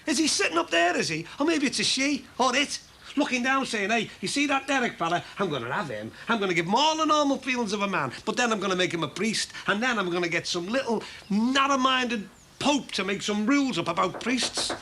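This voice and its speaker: A mouthy middle-aged shopkeeper, sarcastic and quick to rant. His voice sits high and bright, with wild swings in pitch. It is a scene from a TV soap opera. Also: animated, exaggerated voice. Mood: heated. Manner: blunt, sarcastic, ranting.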